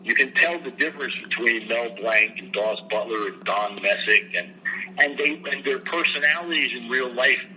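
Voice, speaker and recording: A man chatting casually about voice acting, telling stories with an animated delivery. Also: mid-range voice, moderate pace, low-quality recording. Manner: animated, slips into impressions. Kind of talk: casual storytelling chat. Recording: faint background noise.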